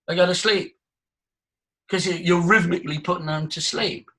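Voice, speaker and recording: Exuberant older male voice coach, husky. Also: high-pitched, fairly even intonation, moderate pace. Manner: exuberant, theatrical, swings between loud and soft. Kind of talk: talk to a live audience.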